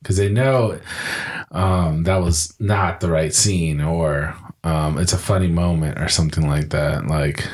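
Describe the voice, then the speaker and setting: A young man co-hosting a casual podcast, chiming in, swearing and laughing loudly. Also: deep voice, fairly even intonation, unhurried, slight background noise. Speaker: podcast co-host. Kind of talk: casual chat.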